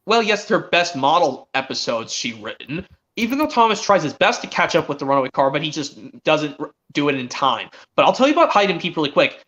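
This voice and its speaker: Guy hosting a stream, rambling excitedly, voice bouncing all over, sounds a bit muffled. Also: fairly high pitch, brisk, hardly any pauses. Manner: rambling and excited, with many restarts. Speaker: stream host. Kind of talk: casual fan chat. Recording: dull lo-fi stream audio.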